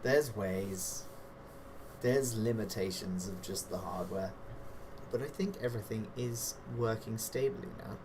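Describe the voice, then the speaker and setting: A man's voice: on the low side, unhurried. Chatty man running a tabletop game. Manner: rambling, chatty, laughs at his own jokes. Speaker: game master. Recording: noisy background hiss.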